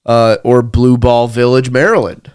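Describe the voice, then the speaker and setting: A man co-hosting a podcast in casual chat, laid-back and quick to laugh along. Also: mid-range voice, level tone, a little mellow, smooth, no echo, studio quality. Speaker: podcast co-host.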